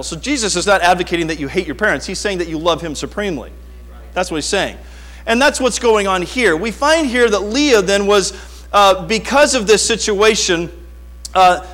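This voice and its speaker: A middle-aged man preaching a sermon, telling an animated story from his childhood and acting out his younger self before turning to scripture. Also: sits high. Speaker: pastor.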